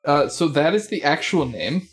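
A podcast co-host chatting casually, wry and halting, often laughing. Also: medium pitch, very animated, soft background music.

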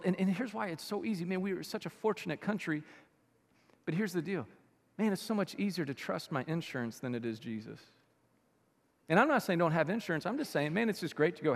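A man with a high voice preaches a sermon in a church, his words trailing off into a long hall reverb. He talks in a chatty, animated way and jumps between loud, punchy bursts and soft, quiet asides. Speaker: pastor. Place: church sanctuary.

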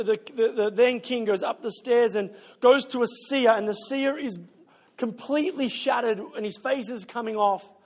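A middle-aged man, a pastor, preaching a sermon in a conversational, storytelling way, often repeating a word while he searches for the next. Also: high voice. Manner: conversational storytelling, self-deprecating, repeats words when searching.

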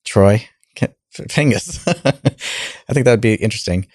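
A man in his forties co-hosting a podcast, talking in a relaxed, halting, self-deprecating way. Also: medium pitch, no room sound, studio quality. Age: 40s. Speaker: podcast co-host. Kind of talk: casual podcast chat.

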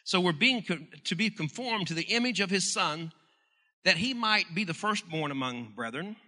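A man's voice: high voice, expressive, moderate pace, sharp tone. A male pastor preaching a sermon, stressing questions hard and often restarting his words. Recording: hall reverb.

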